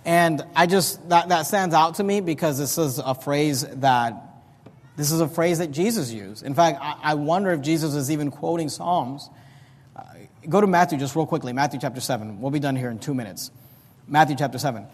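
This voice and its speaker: A male pastor delivers a sermon in a notably high voice, swinging from quiet asides to loud, fervent preaching. He reads scripture slowly and deliberately in old-fashioned wording. The sound carries a long hall reverb.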